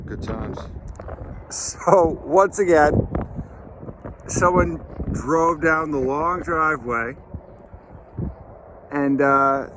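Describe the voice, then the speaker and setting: Young guy from maine rambling to camera while he detects a cold field, middle-pitched voice, wind and outdoor noise all over the mic. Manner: rambling, chatty, halting restarts. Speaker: metal detecting vlogger. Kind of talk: casual outdoor vlog narration.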